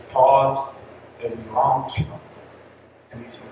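A man's voice: mid-range voice, fairly even intonation, unhurried, a little hiss or hum. A young-adult man giving a heartfelt personal testimony to parents, casual and full of restarts. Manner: heartfelt storytelling, casual phrasing with many likes and restarts. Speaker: parish speaker at a family catechesis talk. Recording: echoey hall, mic far off.

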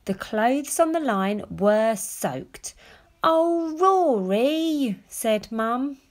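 A woman reading a children's picture book aloud, gently and expressively. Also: a little high, lively intonation, extremely slow. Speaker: storyteller.

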